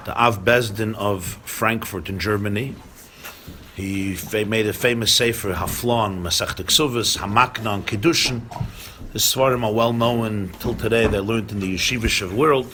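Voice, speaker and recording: A man's voice: on the low side, slight background noise. A man, a rabbi, telling stories at a community gathering, acting out dialogue and mixing in Yiddish and Hebrew phrases. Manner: animated storyteller, acts out dialogue, mixes Yiddish and Hebrew phrases. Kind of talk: storytelling talk at a gathering.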